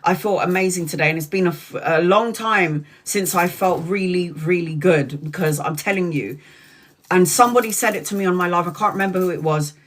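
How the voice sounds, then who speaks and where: A woman's voice: lowish voice, fairly quick. A woman in her forties, a tarot reader hosting a live stream, talking frankly and chattily, swearing freely and calling out viewers by name. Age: 40s. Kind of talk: casual live-stream chat.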